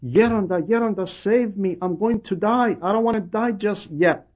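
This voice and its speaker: A man voicing a frightened, ailing male politician who pleads for help in a raised, husky voice. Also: high voice, normal speed, pitched above the performer's own voice. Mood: pleading. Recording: dull lo-fi recording.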